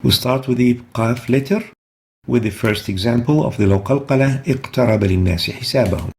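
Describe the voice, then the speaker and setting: A man with a gravelly edge to his voice, teaching a recitation lesson. He explains each rule step by step and patiently repeats example words slowly so they can be heard clearly. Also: medium pitch, darkish tone. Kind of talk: explaining tajweed rules step by step.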